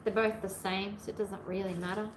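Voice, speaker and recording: A woman hosting a long sewing livestream in casual chat, playfully narrating each step aloud, her voice a little hoarse from hours of talking. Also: mid-range voice, little pitch movement, fairly quick. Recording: echoey room, faint background noise.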